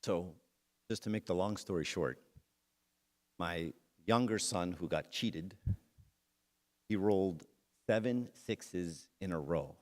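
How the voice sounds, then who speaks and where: With a low voice, slow delivery and long pauses, a middle-aged man tells a personal story as the heart of a church talk. His manner is conversational, and he addresses the congregation directly.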